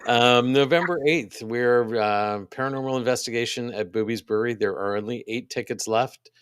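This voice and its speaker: A man co-hosting a podcast, casually reading out upcoming events, halting with many ums and restarts. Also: mid-range voice, a bit bright, clear, resonant tone, no room sound, studio quality. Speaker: podcast co-host.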